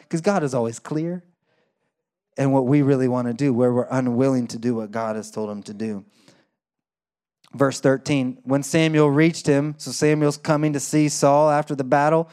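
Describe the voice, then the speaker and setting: A young adult man preaching a sermon in a conversational, animated way, full of "like" and acted-out quotes. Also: normal speed. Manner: animated, acts out quoted voices with sudden high bursts; conversational with frequent "like" fillers. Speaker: pastor.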